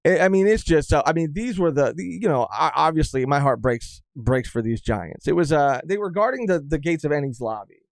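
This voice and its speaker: A young man co-hosting a podcast in casual chat, rambling and halting with frequent restarts. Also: fairly high pitch, lively intonation, no echo, clean studio sound. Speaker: podcast co-host.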